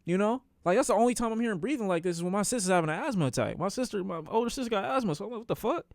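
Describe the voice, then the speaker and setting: Young male streamer, slightly high voice, animated profane storyteller, repeats himself, dry close sound. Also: very fast, no echo. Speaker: streamer telling a personal story. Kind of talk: casual storytelling.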